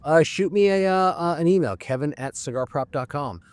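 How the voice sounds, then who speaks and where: A man's voice: a little high, lively intonation, moderate pace, darkish tone. A middle-aged man who works as a mechanic, hosting a podcast in a casual monologue and ranting bluntly with lots of swearing.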